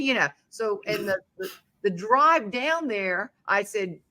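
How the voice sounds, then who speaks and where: A middle-aged woman from the American South with a Southern accent. Her voice is bright and ringing, sitting at a medium pitch. She tells a funny story in lively fashion and acts out the voices of the people in it. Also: moderate pace. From Southern United States. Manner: animated, acts out quoted voices. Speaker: humorist guest. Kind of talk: storytelling in casual chat.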